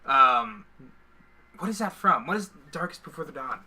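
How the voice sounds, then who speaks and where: A man's voice: mid-range voice, expressive, normal speed, pushed and bright. A man co-hosting a casual livestream, rambling and joking as he trails off mid-thought, on one microphone shared between two hosts. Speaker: co-host of a livestream. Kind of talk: casual chat while painting miniatures.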